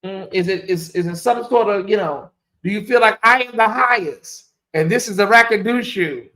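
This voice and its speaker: A man hosting a casual livestream, reading viewer comments aloud and stretching out questions slowly for effect. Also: high voice, pushed and bright. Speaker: livestream host.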